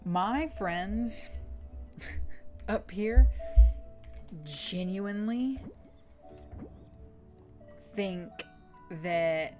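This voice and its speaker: Young woman streamer, lower voice, chatty rambler. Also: darkish tone. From southern United States. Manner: chatty, rambling storyteller with frequent fillers. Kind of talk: casual chat while gaming.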